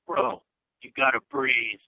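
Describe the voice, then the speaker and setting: A man's voice: mid-range voice, slow pace, husky, no echo. A man putting on the voice of an easygoing male wrestling trainer who calls everyone bro, over a tinny phone line. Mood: laid-back. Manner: easygoing, drawling.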